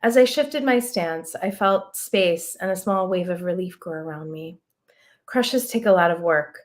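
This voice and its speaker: A woman author reading a prose excerpt aloud in a measured, reflective way. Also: lowish voice.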